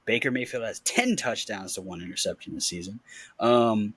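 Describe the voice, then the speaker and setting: A man's voice: lowish voice, moderate pace, a bit bright, breathy edge, dry recording. A man co-hosting a casual sports podcast, easygoing and rambling as he gives his picks. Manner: easygoing, rambling, laughs often. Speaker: podcast co-host.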